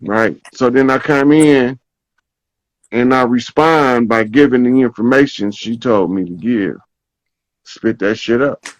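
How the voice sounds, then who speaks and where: Slow-talking man telling a story. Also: medium pitch, no echo, poor audio. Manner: slow, storytelling, checks in with "right?" often. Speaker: podcast host. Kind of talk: casual spiritual talk.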